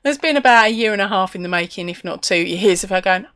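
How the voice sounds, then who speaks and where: A woman's voice: mid-range voice, lively intonation, fast talker, a bit bright, no room sound. An English woman hosting a crochet live stream from home, chatting casually, laughing often and reading viewer comments aloud.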